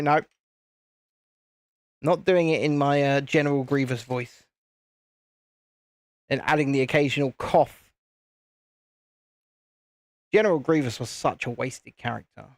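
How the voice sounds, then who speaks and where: A man's voice: medium pitch, unhurried, pauses often, dry recording, studio quality. A man with a British accent hosting a live stream, chatting casually and rambling while he builds at his desk. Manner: chatty, rambling, reads viewer comments aloud. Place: home streaming setup with lights and cameras. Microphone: desk mic at a streaming setup.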